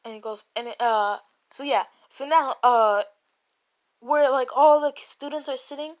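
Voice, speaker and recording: At a measured pace, a woman with a high voice casually recounts a fictional fan story. It's a profane, rambling retelling, full of false starts and plenty of "like."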